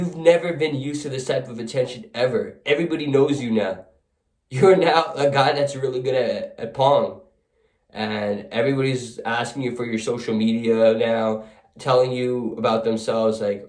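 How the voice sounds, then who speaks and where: A man's voice: medium pitch, fairly even intonation, normal speed, darkish tone. A man telling a casual second-person story, setting the scene vividly, in a roomy, echoey recording. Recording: roomy echo.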